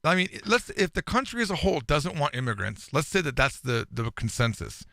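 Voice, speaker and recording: A man's voice: fairly high pitch, big pitch swings, fairly quick, gravelly, bright, forceful tone, no echo, studio quality. A man co-hosting a casual podcast who jokes and laughs a lot and reads news stories aloud. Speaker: podcast co-host. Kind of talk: casual chat.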